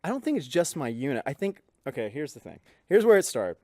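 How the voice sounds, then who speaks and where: A man spins a story on a podcast, slipping into the voices of the people in it. His voice sits a little high and swings widely. The sound is dry and close to the mic. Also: fast, dry recording. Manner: animated storyteller acting out quoted people. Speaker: podcast co-host. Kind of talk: casual storytelling. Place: podcast studio.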